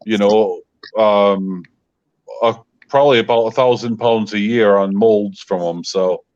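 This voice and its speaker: A man's voice: lowish voice, measured pace, darkish tone, highs cut off. A man, a guest in a casual chat, venting his frustration with lots of fillers. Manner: frustrated ranting with many fillers.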